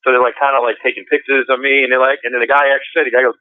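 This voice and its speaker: A man's voice: medium pitch, rapid-fire, hardly any pauses. A man in the middle of a rambling story, full of fillers and restarts. His voice comes through a tinny, narrow phone line with no room echo at all. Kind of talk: casual storytelling.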